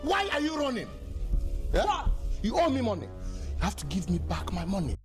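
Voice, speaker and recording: A woman's voice: medium pitch, sing-song, moderate pace, over music, voice pushed up, natural voice. A woman with a Kenyan accent voicing an indignant clinic worker who scolds a runaway patient over money. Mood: scolding. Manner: scolding, demanding.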